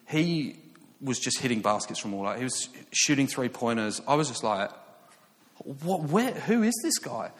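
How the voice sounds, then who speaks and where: A man's voice: medium pitch, big-room sound. A man in his thirties with an English accent, preaching a sermon as a story, chatty and self-mocking with many fillers and restarts. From England.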